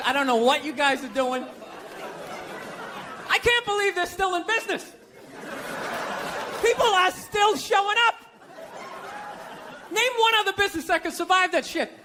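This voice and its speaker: A man doing a loud, incredulous stand-up rant on stage, acting out other people's voices. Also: very high-pitched. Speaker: stand-up comedian. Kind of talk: stand-up comedy set. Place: comedy venue stage before a live audience. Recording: live stage recording with crowd laughter and noise. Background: audience laughter.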